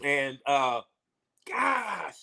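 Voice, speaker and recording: A man's voice: fairly high pitch, very animated, very slow, creaky, pushed and bright. A man co-hosting a casual sports podcast, rambling loosely with many fillers.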